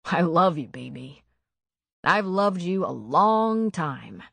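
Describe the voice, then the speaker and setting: A woman narrator voicing a tender adult male deputy, speaking low, soft and intimate. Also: sing-song, slow, vocal fry, husky, no echo, heavily acted.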